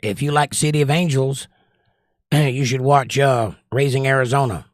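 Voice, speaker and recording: A Southern American man chats casually on a livestream, reading out viewer comments and answering them with confident, opinionated takes. His voice sits at an ordinary middle pitch. The sound is dry and close, with no room echo. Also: steady tone, moderate pace. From Southern United States. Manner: opinionated, chatty, recommends movies with strong takes. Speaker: livestream host.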